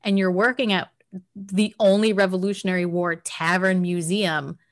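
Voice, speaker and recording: A woman's voice: mid-range voice, little pitch movement, moderate pace. Giggly woman podcast host. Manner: giggly, effusive, frequent laughter. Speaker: podcast host, museum staff. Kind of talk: casual interview chat.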